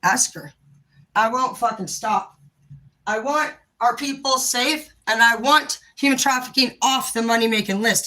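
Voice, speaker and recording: A woman's voice: on the high side, measured pace, sharp tone, poor audio. A woman giving a heated, profane rant straight to her viewers, blunt and impassioned. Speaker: vlogger. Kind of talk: impassioned direct-to-camera rant.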